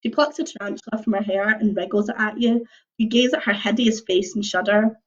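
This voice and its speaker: A young woman reading a choose-your-own-adventure book aloud on a livestream, mixing lively narration with casual chatty asides. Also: mid-range voice, fairly quick. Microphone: computer or phone mic on a video stream. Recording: dull lo-fi livestream audio.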